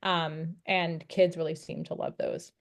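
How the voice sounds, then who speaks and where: A woman's voice: low voice, flat delivery, a little slow, creaky. Encouraging woman presenter explaining. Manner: friendly, encouraging, explains step by step. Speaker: teacher of the deaf, presenter. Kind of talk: instructional webinar presentation.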